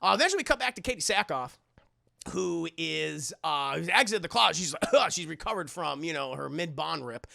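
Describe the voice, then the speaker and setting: A streamer recaps a movie for chat in a loose, rambling way, swearing freely and laughing along. The voice has a gravelly fry under a bright, forward tone. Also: mid-range voice, animated, fairly quick, dry recording, studio quality. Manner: rambling, profane, laughing often.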